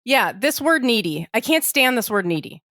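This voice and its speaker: A woman's voice: a little high, very animated, moderate pace, a bit bright, no room sound, studio quality. A woman co-hosting a podcast, explaining things earnestly and emphatically in casual chat. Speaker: podcast co-host.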